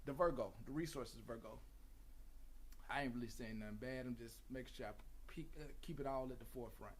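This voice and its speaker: A man's voice: medium pitch, a little fast, slight background noise. A man hosting his own gossip channel, talking casually in a profane, rambling, emphatic way, repeating his warnings and apologies.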